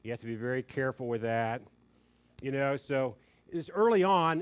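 Preaching at a moderate pace in a clean, mid-range voice, an older man shares a family story from the pulpit. He is earnest and conversational, slipping into lively asides that quote other people.

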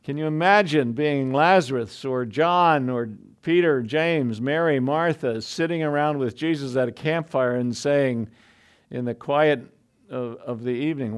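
A man's voice: medium pitch, unhurried, smooth. A man preaching a sermon in a conversational way, full of asides and restarts.

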